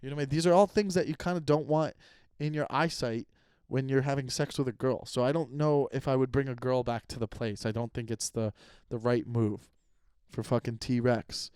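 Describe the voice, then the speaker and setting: A man's voice: medium pitch, moderate pace, darkish tone, clear, resonant tone, no echo. Young man, podcast host, casual rambling chat, profane venting, resonant voice, dry close mic. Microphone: close podcast microphone.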